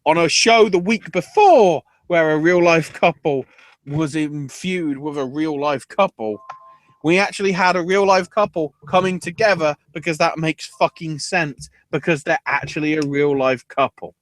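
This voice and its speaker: A man hosting a podcast, recapping wrestling in an animated, profane storytelling way. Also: fairly high pitch, moderate pace. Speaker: podcast host.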